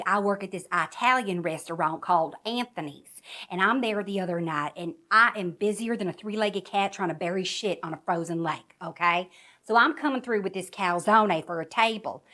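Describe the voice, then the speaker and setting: A woman's voice: mid-range voice, moderate pace, pushed and bright. A woman telling a comedic story as a waitress, in a sassy, brash way.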